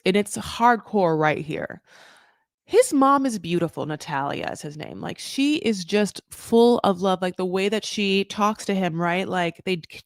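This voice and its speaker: A woman hosting a casual recap chat, rambling through tangents and correcting herself, with sudden jumps up in pitch. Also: a bit bright, no echo, clean studio sound. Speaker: recap show host.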